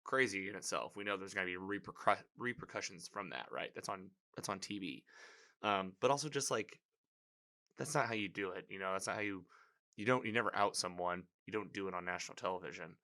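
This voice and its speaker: Man, lowish voice, bright and forceful tone, casual episode recap, filler-heavy. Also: a little fast. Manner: rambling, filler-heavy, animated reactions.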